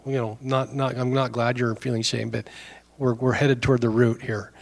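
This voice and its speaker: A middle-aged male pastor giving a conversational sermon, telling a story and acting out both sides of the dialogue. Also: mid-range voice.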